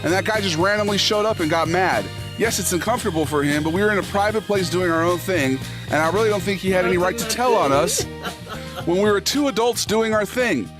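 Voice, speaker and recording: Man, livestream host, casual profane banter, reads posts aloud, slightly high voice, loud instrumental music behind. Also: a little fast. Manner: profane, jokey, talks back to chat. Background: instrumental music playing under the talk.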